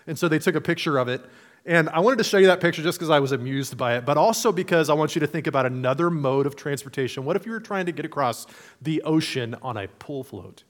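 A man's voice: fairly high pitch, fast talker. Conversational male pastor preaching. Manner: conversational, playful, acts out imagined voices. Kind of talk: sermon.

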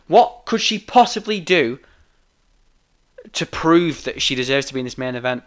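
A man's voice: medium pitch, lively intonation, moderate pace. A young man delivering a heated, opinionated rant, emphatic and swearing often. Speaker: wrestling commentator.

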